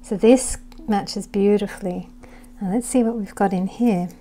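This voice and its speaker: A woman doing a tarot reading to camera, talking gently and reassuringly, thinking aloud with halting restarts and sometimes dropping to a soft whisper. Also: mid-range voice, fairly even intonation, a little hiss or hum. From United Kingdom. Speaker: tarot reader.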